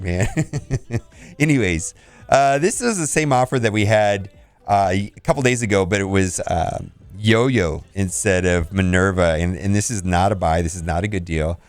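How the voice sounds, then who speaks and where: A man's voice: fairly low pitch, no echo. A man hosting a casual game video, reviewing store offers with blunt verdicts and laughs. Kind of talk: casual commentary.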